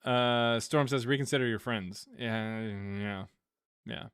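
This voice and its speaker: A man's voice: medium pitch, slow, fairly bright tone, smooth. Rambling, chuckling live-stream host man. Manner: rambling, with many fillers and frequent chuckles. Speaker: live stream host reading viewer donations. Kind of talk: casual live-stream chat.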